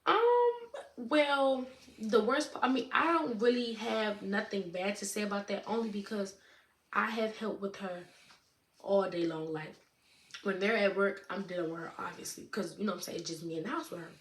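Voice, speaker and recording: Chatty teen mom in an echoey room. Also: female voice, medium pitch, moderate pace. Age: late teens. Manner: chatty, fillers like "you know what I'm saying". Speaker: vlogger answering viewer questions. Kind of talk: casual Q&A chat to camera. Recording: echoey room with faint noise.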